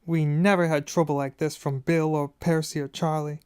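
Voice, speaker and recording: A man's voice: a little high, moderate pace, dark tone, clear, resonant tone, dry recording, clean studio sound, lightly acted. A man voicing a stern middle-aged mother who scolds her sons and fusses over a guest, in an audiobook. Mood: furious. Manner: scolding, then fussing tenderly. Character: stern, fussing middle-aged mother, loud when angry. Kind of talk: audiobook character voice.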